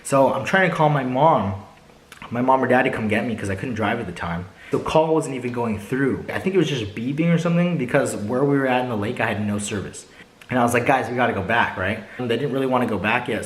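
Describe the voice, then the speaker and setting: A young man vlogging a casual storytime, animated and slangy, addressing viewers directly. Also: mid-range voice, quick pace, reverberant, a little hiss or hum, poor audio. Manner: animated, slangy, keeps saying bro and right.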